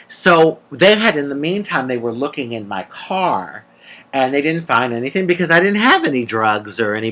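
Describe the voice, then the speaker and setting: A woman telling a personal story in a casual, animated, sassy way, calling the listener honey and laughing between lines. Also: sits low. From United States. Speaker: vlogger.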